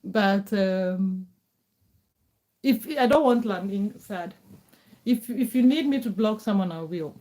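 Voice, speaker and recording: A woman's voice: mid-range voice, slow, pauses often, mellow. A middle-aged woman from Kenya, chatting casually on a live stream, answering viewers' comments in a reassuring way and repeating her words.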